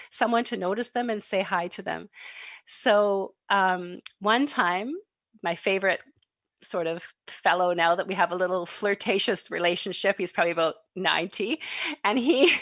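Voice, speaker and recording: A woman's voice: mid-range voice, no room sound. A middle-aged woman giving an online parenting talk, telling personal stories with laughter and acted-out quotes. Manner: animated, laughs and acts out quoted voices. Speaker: parenting workshop presenter. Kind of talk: warm storytelling talk to an online audience. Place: home, online livestream. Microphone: computer mic on a video stream.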